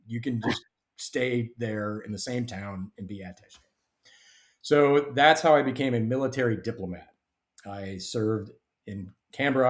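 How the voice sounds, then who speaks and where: A middle-aged man, a guest author and retired army officer, telling stories in a lively, casual way. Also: medium pitch. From United States. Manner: animated storyteller, acts out dialogue. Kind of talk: casual storytelling interview. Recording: roomy echo.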